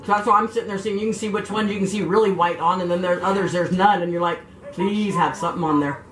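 A woman's voice: mid-range voice, little pitch movement, very fast, crowd noise. An older grandmother cheering and chatting casually on the sidelines of a football game, recorded outdoors. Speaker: sideline commentator. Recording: roomy, distant, noisy outdoor recording.

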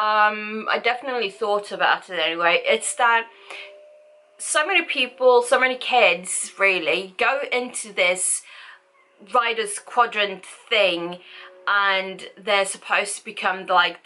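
A woman's voice: mid-range voice, sharp tone. A woman vlogging a casual book review, rambling and chatty with lots of fillers.

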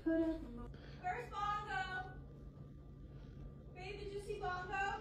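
A woman's voice: very high voice, fairly even intonation, very slow. A woman acting out a playful couple skit, with exaggerated indignation. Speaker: comedy sketch creator.

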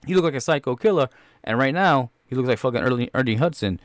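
A man hosting a podcast, riffing on a trailer with excitable, rambling, profane chatter. His voice sits at a middling pitch, with a dry, close sound and no room echo. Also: quick pace, soft background music. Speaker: podcast host. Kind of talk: casual movie trailer reaction.

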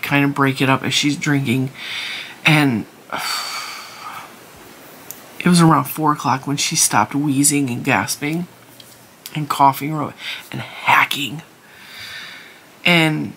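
A woman's voice: low voice, fairly bright tone, a little hiss or hum. A tired middle-aged woman chatting casually to camera at home, rambling with many restarts and sounding worn out. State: exhausted and teary. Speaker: crochet channel host.

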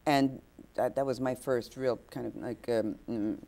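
A woman with a warm bass voice, fairly even intonation and a slightly slow pace tells anecdotes as a guest actress at an oceanside inn. Her storytelling is hesitant, packed with fillers and restarts, and she performs the quoted lines.

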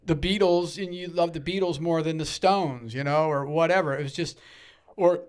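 A middle-aged man, a guest musician, telling stories in casual chat, acting out quotes with loud bursts and swearing freely. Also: fairly high pitch, moderate pace, smooth.

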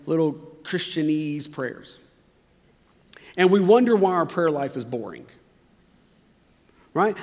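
A male pastor giving a sermon in a conversational, emphatic way, dropping suddenly quiet at times. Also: on the high side, in a large hall. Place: church sanctuary.

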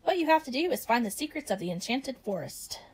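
Lady doing a little storybook robin bird, chirpy high voice, helpful. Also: sing-song, fast, breathy edge, poor audio. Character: tiny friendly talking robin bird.

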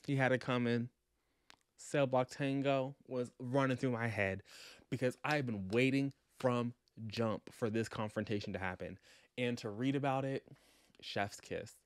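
A man recapping a book for his vlog in a casual, animated, sassy way, acting out quotes as he goes. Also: medium pitch, a little slow, clear, resonant tone, no echo. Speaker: book vlogger.

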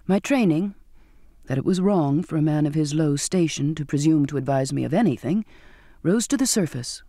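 A man narrating a novel in first person with a measured, expressive reading. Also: a little high, no echo, studio quality. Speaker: audiobook narrator. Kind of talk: scripted narration.

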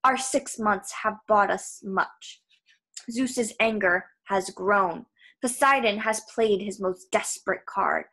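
A cold, evil monster lord speaks from deep in a pit , as a woman reading aloud puts him on. His commands come slow and scornful, drawn out with icy calm.

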